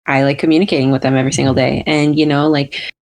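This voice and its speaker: A woman's voice: very deep voice, flat delivery, fast talker, a little mellow. A woman co-hosting a casual chat podcast, talking freely with lots of filler words. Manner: chatty, many fillers like "like" and "you know". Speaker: podcast co-host.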